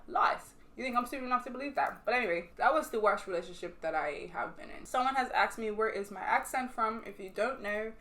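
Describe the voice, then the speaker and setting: A woman's voice: fairly high pitch, a little fast, hardly any pauses. A young woman from Bermuda with a Bermudian accent that sometimes slips into British, chatting bluntly and swearing as she answers viewer questions over a glass of wine. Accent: Bermudian, sometimes switching to British. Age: young adult. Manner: blunt, animated storytelling with frequent swearing. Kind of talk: casual chat while sipping wine.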